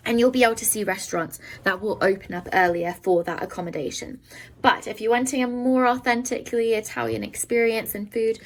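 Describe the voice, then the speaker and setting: A woman teaching a beginner Italian lesson, explaining words in English and sounding out each Italian word slowly and carefully. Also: medium pitch, poor audio. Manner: slow careful pronunciation of foreign words.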